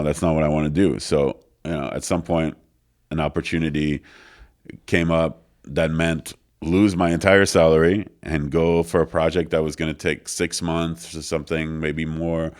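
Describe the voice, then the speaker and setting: Very deep-voiced man. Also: clear, resonant tone. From France. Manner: animated storyteller, acts out quoted dialogue, many fillers. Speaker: interview guest. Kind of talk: casual storytelling interview. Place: recording studio.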